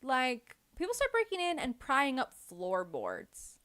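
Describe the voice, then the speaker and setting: Woman, higher voice, casual podcast host, rambling animated recap. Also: unhurried. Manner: animated retelling with lots of "like" and "um". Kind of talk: casual book club chat.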